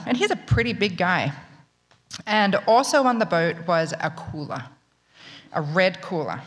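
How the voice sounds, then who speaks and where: A woman tells a story to a live audience in a wry, chatty manner. Her voice sits on the low side. The sound carries a long hall reverb. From Australia. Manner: wry, conversational, self-mocking.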